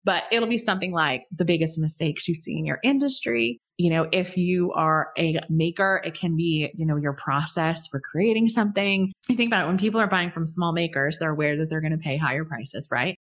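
A woman guest on a podcast, talking about email marketing in a bubbly, animated way, often laughing and acting out examples. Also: sits low, fairly quick, hardly any pauses. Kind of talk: casual podcast conversation.

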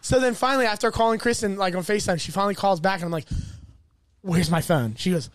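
A man's voice: high-pitched, rapid-fire, clear, resonant tone, dry recording. A man hosting a casual podcast chat, telling a long story and swearing freely as he goes. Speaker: podcast host.

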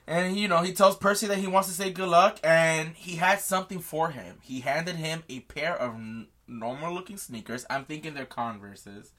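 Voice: medium pitch, moderate pace, hardly any pauses, fairly bright tone. A podcast co-host animatedly retelling a book chapter in casual chat, swearing freely and acting out the characters.

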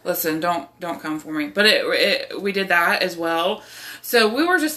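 A woman's voice: on the low side, expressive, moderate pace, bright, forceful tone. A young woman host telling a rambling, profane personal story, with lots of fillers. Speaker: podcast host. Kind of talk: casual storytelling.

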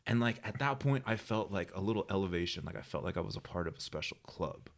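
A podcast co-host from New Mexico tells a childhood story in casual conversation, speaking fast in a low, gravelly voice. He's an animated storyteller, acting out the voices of the people in the tale.

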